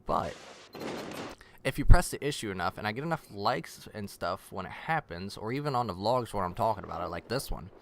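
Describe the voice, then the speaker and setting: A man's voice: lowish voice, animated, a little fast, gravelly, noisy background. A man rambling casually in a vlog, blunt and swearing freely. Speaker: vlogger.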